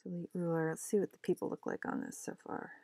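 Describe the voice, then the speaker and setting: Chatty, rambling woman, lowish voice. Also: flat delivery, fast talker, dark tone, dry recording. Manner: chatty, rambling, self-mocking, talks to herself. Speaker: comic artist vlogger. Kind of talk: casual chat while drawing.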